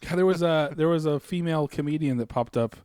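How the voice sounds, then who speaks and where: Guy riffing on a podcast, kinda high voice, dry close mic. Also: fast, darkish tone, smooth, no echo. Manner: joking, trails off and restarts. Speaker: co-host. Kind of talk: casual comedic chat.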